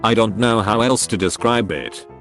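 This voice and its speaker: A man narrating reddit stories in a steady, even scripted read. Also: lowish voice, moderate pace, soft background music.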